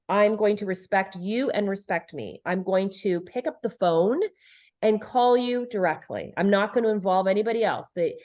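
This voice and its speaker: A woman's voice: medium pitch, darkish tone. Emphatic middle-aged woman explaining. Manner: earnest and emphatic, repeats phrases for stress, acts out quoted lines. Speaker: guest, leadership and relationship expert. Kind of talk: conversational podcast interview.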